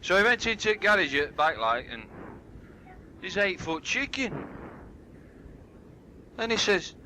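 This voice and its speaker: A man's voice: high-pitched, very animated, a little slow, sharp tone, rough recording. A man, rambling through dirty jokes at a party and slipping into voices for the characters. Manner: rambling, broad dialect storytelling with voiced characters. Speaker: joke teller at a party. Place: home party. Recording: hissy old cassette tape.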